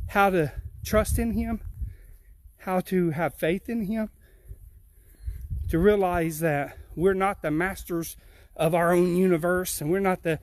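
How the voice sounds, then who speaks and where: Male pastor, high-pitched, earnest repeating cadence, a bit winded on an outdoor walk. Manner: earnest, repetitive preaching cadence. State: slightly out of breath from walking uphill. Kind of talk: outdoor livestream devotion. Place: outdoors on a rural hill.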